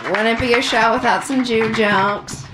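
A woman emcee introducing comics between sets with unhurried joking asides. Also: on the high side, fairly even intonation, crowd noise, background noise.

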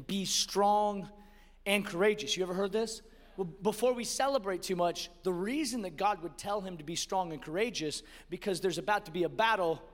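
Pastor, male, very high voice, animated sermon delivery from hushed to shouting, long hall reverb. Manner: repeats words in quick restarts.

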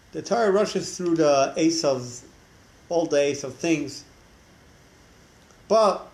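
A man teaches a religious class, telling stories with a voice on the higher side. He is animated and acts out the characters. He restarts sentences often as he goes. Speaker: Torah teacher.

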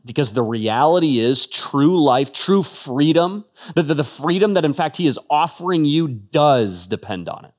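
A man giving an earnest, emphatic sermon-style talk as a Christian speaker, often stumbling into quick restarts. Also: a little high, lively intonation, a little mellow.

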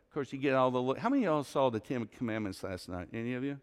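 A male pastor preaching a sermon in a church, emphatic, with rhetorical questions and dramatic pauses. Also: mid-range voice, animated, smooth. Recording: long hall reverb.

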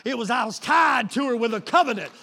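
High bright-voiced preacher man. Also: animated, fast, breathy edge. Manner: call-and-response preaching, swings from hushed asides to shouting. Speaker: pastor. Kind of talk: sermon. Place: church sanctuary.

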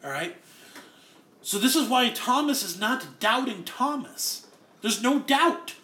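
A man gives an earnest expository sermon, working through the meaning of words. His voice sits high and sounds bright and forceful. The room around him is echoey. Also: animated, slow pace. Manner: earnest, explains Greek word by word. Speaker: preacher.

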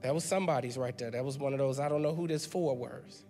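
A man's voice: medium pitch, fast talker, dark tone, faint music behind. A male pastor preaching an emphatic, conversational sermon in a church, repeating words as he builds his point. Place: church sanctuary. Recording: long hall reverb.

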